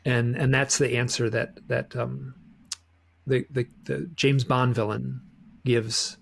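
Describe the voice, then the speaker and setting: A man's voice: medium pitch, flat delivery, slow, gravelly, breathy edge. A man talking as a guest author in a casual interview, rambling with many restarts and repeated words.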